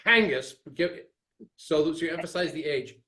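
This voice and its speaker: High-voiced man coaching a speaker. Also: a little fast. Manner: direct, gives concrete tips, acts out lines. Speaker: humor coach. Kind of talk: coaching feedback.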